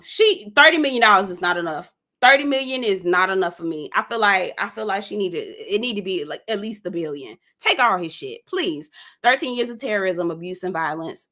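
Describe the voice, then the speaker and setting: A woman hosting a live gossip stream, talking in an animated, sassy way straight to her viewers and reading out their comments. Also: medium pitch, normal speed. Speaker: host of a live gossip show.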